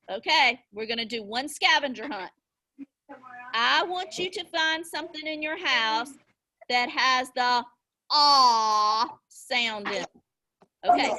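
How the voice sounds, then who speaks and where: A woman teacher leading children through a phonics lesson on a video call, sounding out words slowly and encouragingly. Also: sits high, sharp tone. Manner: slow, encouraging, exaggerated sounding-out. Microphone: laptop mic on video call. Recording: noisy video call audio.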